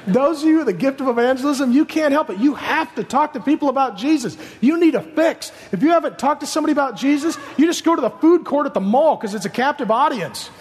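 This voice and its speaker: A pastor in his thirties preaches with a strikingly high voice, acting out the voices in his stories and joking with the crowd. His voice rings out through a large hall with a long echo. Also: quick pace, hardly any pauses. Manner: animated storytelling, acts out voices, joking. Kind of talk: sermon.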